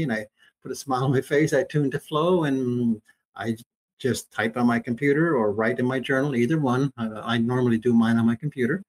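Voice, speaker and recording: A man's voice: medium pitch, a little fast. A man in his seventies, a Christian teacher, telling stories in a folksy, emphatic way during a casual conversation. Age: 70s.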